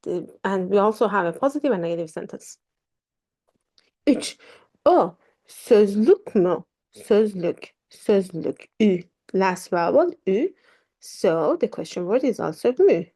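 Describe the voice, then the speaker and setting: A woman's voice: mid-range voice, big pitch swings, measured pace, mellow. A woman teaching grammar, patiently repeating example sentences and switching between two languages.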